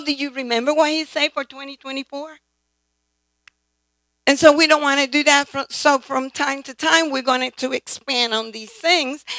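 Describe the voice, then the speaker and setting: A woman's voice: high-pitched, vocal fry, bright, forceful tone, no echo, low-quality recording. A woman preacher delivering a sermon, emphatic, often calling out "right?" and "amen?" to the congregation. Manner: emphatic, calls for responses from the congregation.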